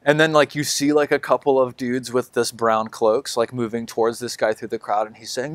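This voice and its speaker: A man's voice: medium pitch, fairly even intonation, normal speed, few pauses, no echo, clean studio sound. A man narrating as dungeon master in a loose, filler-heavy way. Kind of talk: narrating a tabletop game.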